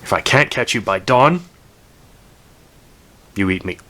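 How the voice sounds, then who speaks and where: A man voicing a calm, clever young male hunter who speaks plainly and steadily. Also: mid-range voice, a little slow. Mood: steady.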